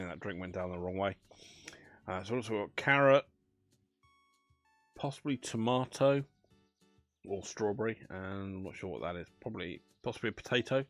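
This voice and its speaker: A man's voice: low-pitched, normal speed, long pauses, no room sound, soft background music. A man chatting casually as he plays a management game, thinking aloud with dry banter. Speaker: gaming channel host. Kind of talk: casual let's play commentary.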